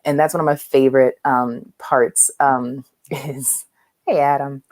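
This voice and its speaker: Woman, low voice, casual podcast guest, lots of ums and restarts. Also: fairly even intonation, a little slow, a little mellow, no room sound. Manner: rambling with many fillers and restarts. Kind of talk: casual chat.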